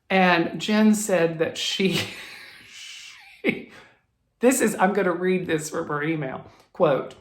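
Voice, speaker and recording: Gravelly, chatty stitching vlog host. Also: medium pitch, normal speed, long pauses. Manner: chatty, animated storyteller who reads viewer emails. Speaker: flosstube host. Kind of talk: casual storytelling vlog. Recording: roomy echo.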